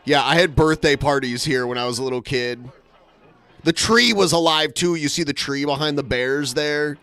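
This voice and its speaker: A man's voice: a little high, fairly even intonation, normal speed, sharp tone, clean tone. A man hosting a podcast, telling a story in a rambling, conversational way. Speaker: host. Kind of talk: casual podcast chat.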